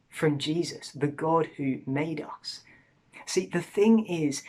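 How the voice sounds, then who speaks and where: Earnest husky-voiced evangelistic speaker. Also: mid-range voice. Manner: earnest, pleading, drops to a hush. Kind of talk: evangelistic talk to students.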